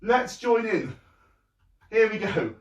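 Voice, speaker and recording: Chatty, high-voiced male host. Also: sing-song, slow, distant mic, dull audio. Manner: chatty, self-mocking. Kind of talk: casual chat, live online show. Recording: roomy echo, off-mic.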